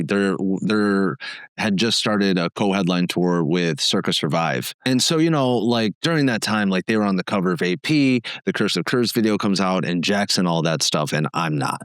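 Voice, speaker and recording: Low-voiced man telling band stories. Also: animated, normal speed, fairly bright tone, smooth, no echo. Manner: casual, frank, swears, lots of fillers. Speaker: guest musician. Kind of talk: candid conversational storytelling.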